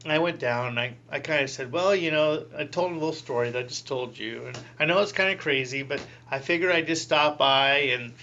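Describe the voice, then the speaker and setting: A middle-aged man, a priest, telling his story in an interview with animated delivery and acted-out quotes. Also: a little high, fairly quick, hardly any pauses. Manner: animated, acts out quoted voices with laughing asides. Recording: dull lo-fi recording with faint hum.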